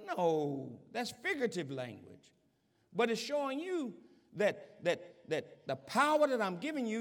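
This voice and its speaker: A man preaching in a slow, measured delivery that swings widely in pitch. He keeps calling out questions for the congregation to answer and climbs into shouted passages. His voice carries a long reverb, as if filling a large hall. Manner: call-and-response preaching, rising to shouts. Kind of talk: sermon.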